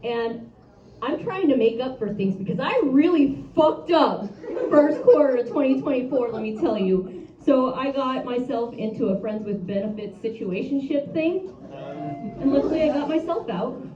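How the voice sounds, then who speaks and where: Give me a woman doing crude stand-up at an open mic, fairly high voice, dull lo-fi sound. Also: expressive, moderate pace, mellow. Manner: bold, crude, conversational storytelling. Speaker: stand-up comedian. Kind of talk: stand-up comedy set. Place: brewery open mic, indoors. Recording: roomy, distant, dull, noisy live room.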